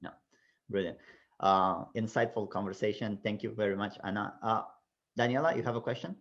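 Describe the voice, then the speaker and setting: A man's voice: on the low side, a little fast, fairly bright tone. A man hosting a video call, briefly thanking people and passing on questions. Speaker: host. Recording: dull lo-fi call audio.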